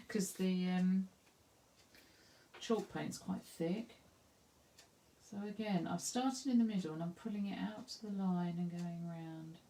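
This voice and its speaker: A woman's voice: lowish voice, slow pace, long pauses, mellow. A woman with an Essex accent teaching a live painting demonstration, chatting and thinking aloud as she works. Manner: chatty, self-deprecating, thinks aloud while working. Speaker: craft tutor.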